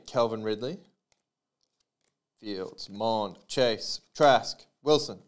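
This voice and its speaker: A man hosts a live trading card break, reading out each player and serial number as he pulls the cards. He talks at a slow, unhurried pace in a smooth, clear voice. Between pulls he tosses off casual remarks to the viewers. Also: fairly low pitch. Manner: rattles off player names and numbers, chatty asides to viewers.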